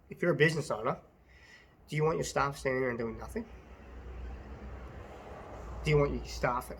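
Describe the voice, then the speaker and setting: A man's voice: high-pitched, slight background noise. Blunt Australian man ranting to camera. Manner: passionate and blunt, swears, repeats himself. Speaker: vlogger and business owner. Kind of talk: casual to-camera rant.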